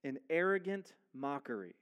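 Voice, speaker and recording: A man's voice: on the high side, very animated, moderate pace, muffled recording. A man preaching a sermon, speaking emphatically and asking rhetorical questions as he builds his points.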